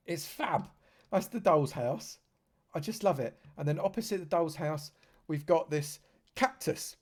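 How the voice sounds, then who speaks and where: A man streaming a live walkthrough of a game world, talking in a slightly high voice. He chats freely and gushes over everything he points out. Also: unhurried. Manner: effusive, chatty, lavish with praise. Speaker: streamer touring a game server. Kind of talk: live gameplay tour commentary.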